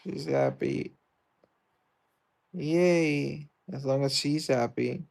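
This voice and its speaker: Chatty British man with a gravelly voice. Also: fairly high pitch, extremely slow, darkish tone. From Britain. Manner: rambling, reads and answers viewer comments aloud. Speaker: livestreamer. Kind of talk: casual livestream chat while gaming.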